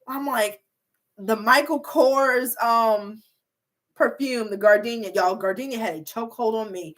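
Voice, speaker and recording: A woman's voice: on the high side, measured pace, fairly bright tone. Young woman hair youtuber just chatting w viewers, bubbly, rambly, lots of likes and y'alls. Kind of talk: casual livestream chat reading comments.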